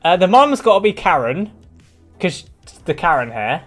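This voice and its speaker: A man's voice: high voice, big pitch swings, moderate pace, a bit bright. A young man, casually chatting and joking with viewers while drawing. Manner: joking, swears freely, chats with viewers. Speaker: streamer drawing with chat. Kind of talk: casual live-stream chat. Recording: faint background music.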